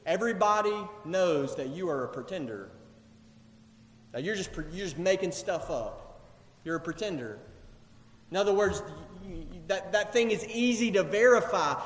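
A male pastor preaching a sermon in a church, animated, acting out quoted voices as he goes. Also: high-pitched, normal speed, reverberant, big-room sound, slight background noise. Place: church sanctuary.

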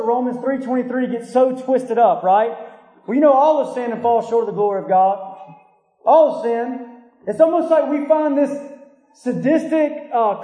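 A man preaches a sermon in a very high, mellow voice. He is earnest and confronting, pressing his listeners with question after question. The sound carries a long echo from a large church hall. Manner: earnest, confronting, asks repeated rhetorical questions. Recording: echoey hall.

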